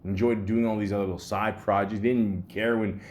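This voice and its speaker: Male podcast host, low voice, loose rambling chat with frequent laughter, mic'd up close. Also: fairly even intonation, brisk, a little mellow. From Canada. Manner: rambling, laughing often, heavy on fillers. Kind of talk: casual chat.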